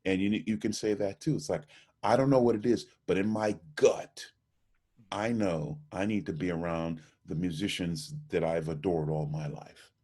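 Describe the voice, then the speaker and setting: A middle-aged man with a very low, husky voice, speaking over a video call. He tells stories with animation and slips into voices for the people in them. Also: moderate pace. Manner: animated storyteller, acts out voices in anecdotes. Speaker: interviewee, jazz trumpeter. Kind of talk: storytelling in a video call interview.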